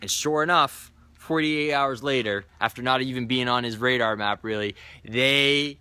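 Guy doing a sales tip vlog, bright punchy voice, acts out the quotes, dry close sound. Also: medium pitch, moderate pace, clean tone, dry recording. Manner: animated storyteller acting out quotes. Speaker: sales trainer. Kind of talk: storytelling sales tip video.

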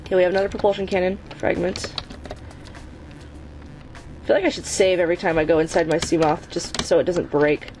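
A woman's voice: fairly low pitch, steady tone, brisk, long pauses, noisy background. A woman hosting her own gaming channel, giving let's play commentary while she plays, exasperated and swearing at the game, often chanting the same urging words over and over. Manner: chants repeated urging phrases.

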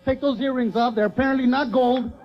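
A man's voice: very high voice, fast. A man performing stand-up comedy for a live concert crowd, joking and working the audience. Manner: joking, animated crowd work. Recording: lo-fi concert recording with loud crowd noise.

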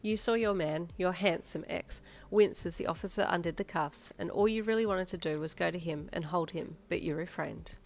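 A woman narrating a second-person fanfiction story with dramatic, expressive delivery. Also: fairly low pitch, normal speed, hardly any pauses, slight background noise.

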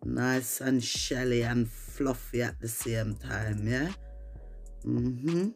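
A woman with a Jamaican accent, speaking in an extremely low, slightly mellow voice at a slow pace, works through a recipe in her kitchen. As a cooking vlogger, she chats casually to viewers in English laced with patois while soft music plays behind her.

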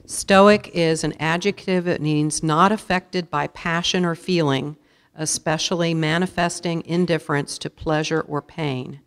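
Woman, low pitch, clear tone; spelling bee pronouncer, measured and formal. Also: fairly even intonation. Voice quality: measured, deliberate enunciation. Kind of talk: formal word pronouncing and definitions. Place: school auditorium.

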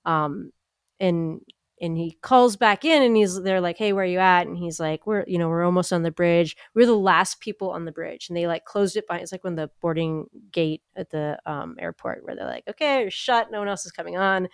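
A woman co-hosting a podcast, telling a story in casual chat, animated and full of "like," acting out what people said. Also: on the low side, moderate pace, clear, resonant tone, no echo, clean studio sound. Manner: animated, acts out quoted voices, lots of "like" and laughter. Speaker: podcast co-host.

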